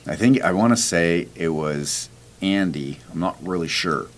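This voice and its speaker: An unhurried man with a low-sitting voice hosts a podcast, spinning a story in easygoing conversation. He brings quoted dialogue to life, animatedly acting out what others said.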